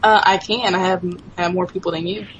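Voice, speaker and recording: A woman's voice: lowish voice, fairly even intonation, fairly quick, a bit bright, lo-fi sound, slight background noise. An eighteen-year-old woman co-hosting a casual podcast, talking back sassily to the guys. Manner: sassy, talks back. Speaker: podcast co-host. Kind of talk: casual chat.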